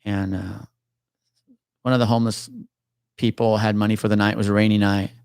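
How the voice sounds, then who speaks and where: Low-voiced, profane storytelling man. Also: level tone, a little fast, gravelly, a little mellow, smooth, no room sound, clean studio sound. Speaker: podcast guest, retired police officer. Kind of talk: casual storytelling chat.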